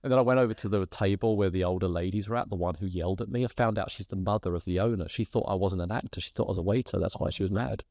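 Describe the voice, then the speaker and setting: A British man, a podcast guest, telling a lively anecdote and acting out the people in it. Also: deep voice, racing, few pauses, no room sound, clean studio sound. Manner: lively storyteller who acts out quoted voices and laughs as he tells.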